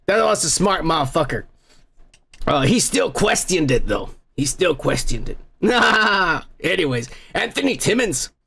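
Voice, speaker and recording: A man's voice: on the high side, gravelly, sharp tone, slightly rough. A man hosting a podcast, reading viewer comments aloud in a crude, rambling, mocking way and laughing often.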